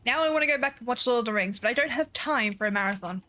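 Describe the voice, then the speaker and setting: Woman streamer, fairly high voice, casual and chatty, swears a lot, faint game music behind. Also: animated, racing, bright, forceful tone. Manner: chatty, swears freely, laughs often. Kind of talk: casual gameplay chat.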